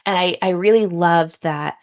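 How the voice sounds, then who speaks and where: A woman's voice: fairly low pitch, normal speed. A young woman co-hosting a podcast, chatty and enthusiastic, with many fillers. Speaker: podcast co-host. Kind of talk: casual conversation.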